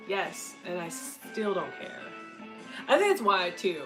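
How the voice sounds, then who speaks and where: A woman's voice: lowish voice, lively intonation, a little slow, music in the background, poor audio. Blunt, profane young woman chatting. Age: 20s. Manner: blunt, profane, frequent laughter. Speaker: content creator answering questions. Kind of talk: casual candid chat.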